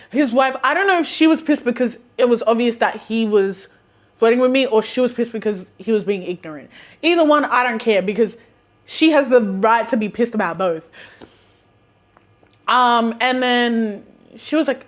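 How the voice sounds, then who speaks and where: A woman's voice: a little high, normal speed. Sarcastic young Australian woman, laughing. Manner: animated, sarcastic, laughs a lot. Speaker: vlogger. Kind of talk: casual storytime.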